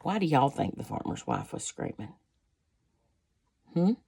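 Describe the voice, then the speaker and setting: A woman's voice: low voice, huge pitch swings, measured pace, creaky, warm tone, husky. A woman reading a children's picture book aloud, breaking off for folksy asides to her listeners. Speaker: storybook reader.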